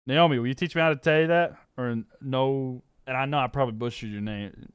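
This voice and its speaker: A sports streamer from the American South, Southern accent and all, chats casually on a live stream, reading viewer comments in a laid-back, rambling way full of fillers and frequent laughter. His mid-range voice is smooth and a little fast, with no echo.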